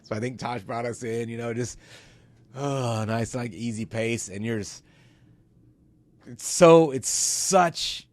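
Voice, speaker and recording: A man's voice: mid-range voice, slow pace, pauses often, no room sound. A middle-aged man telling a story in a casual interview. He talks with open emotion, swears freely and acts out his own reactions as he goes. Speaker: company CEO recounting an ocean row.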